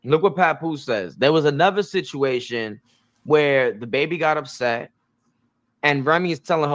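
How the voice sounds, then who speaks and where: Young male commentary host, blunt and emphatic, on the higher side for a man. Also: lively intonation, normal speed, a bit bright. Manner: blunt, emphatic, repeats himself. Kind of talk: reacting to interview clips.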